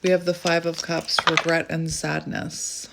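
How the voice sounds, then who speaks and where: A woman giving a channelled tarot reading in a chatty way, often breaking into excited exclamations. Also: sits low, a little slow, vocal fry, very noisy. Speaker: tarot reader.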